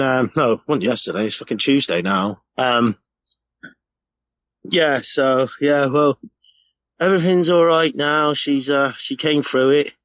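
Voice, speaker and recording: A man's voice: medium pitch, fairly bright tone, no echo, highs cut off. A middle-aged man from the UK telling a rambling, emotional story in a casual recorded message, swearing freely. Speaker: podcast segment contributor.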